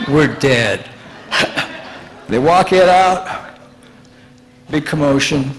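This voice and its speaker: A man in his sixties telling a personal story live in an animated, laughing and profane way. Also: fairly high pitch, extremely slow, long pauses, rough recording.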